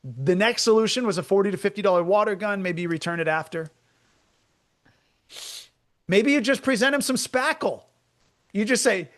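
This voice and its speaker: A man with a notably high voice rambles through absurd comic tales in a deadpan way. He co-hosts a chat show and riffs at length, dropping into silly voices for the people in his stories. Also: a little fast. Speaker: comedian co-host.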